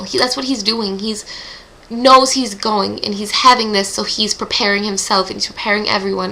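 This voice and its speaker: Gushing and emotional, a teen girl talks through a chapter recap for her book club vlog, sighing with groans now and then. Her medium-pitched voice is bright and forward, steady in tone at a moderate pace, with plenty of vocal fry closing her phrases, all captured in poor audio.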